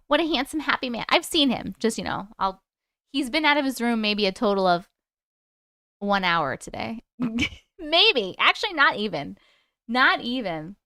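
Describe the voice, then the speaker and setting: A woman in her thirties with a Long Island accent, hosting a casual live stream; she talks loudly and excitedly and laughs often. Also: fairly high pitch, unhurried, dry recording. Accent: Long Island New York. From Long Island, New York. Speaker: YouTube live host. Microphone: close microphone.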